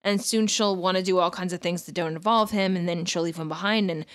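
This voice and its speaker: A woman's voice: on the low side, fairly even intonation, brisk. A woman co-hosting a podcast, eagerly retelling sitcom scenes in casual chat. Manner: enthusiastic, retells scenes in detail. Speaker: podcast co-host.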